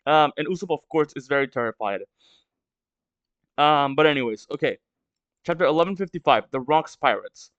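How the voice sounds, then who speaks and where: A man's voice: fairly high pitch, animated, normal speed, pauses often, fairly bright tone, dry recording, muffled recording. A man with a stuffy nose from a cold, reading a manga aloud and reacting to it in hesitant, filler-heavy musing.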